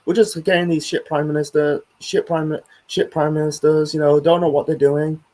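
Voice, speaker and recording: A British man co-hosting a casual stream, talking in halting bursts with restarts and swearing. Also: fairly high pitch, little pitch movement, dark tone. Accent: British English. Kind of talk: casual live-stream chat.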